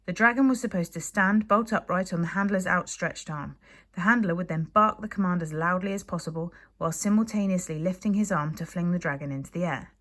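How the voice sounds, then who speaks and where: A woman from the UK, a primary school teacher, reading a children's book aloud to her class in a lively, expressive way. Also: fairly low pitch. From United Kingdom.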